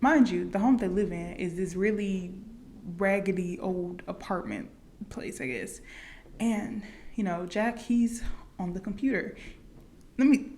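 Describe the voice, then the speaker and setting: A woman's voice: medium pitch, expressive, unhurried, a little mellow, a little hiss or hum. Casting note: woman vlogger, chatty recap, loose filler-heavy delivery. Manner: chatty, many likes and fillers. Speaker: movie reaction vlogger. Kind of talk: casual movie recap.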